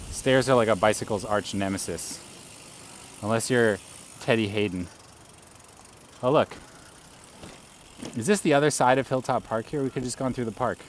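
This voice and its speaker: A man's voice: fairly low pitch, slight background noise. A man live-streaming outdoors while cycling through city streets, chatting casually with his viewers.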